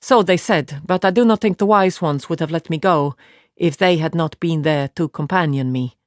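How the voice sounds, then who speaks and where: Woman doing a no-nonsense warrior girl, higher than her own voice, plain and steady, dry recording. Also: no room sound, lightly acted. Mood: matter-of-fact. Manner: plain, measured, matter-of-fact. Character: blunt young Aiel woman warrior, matter-of-fact.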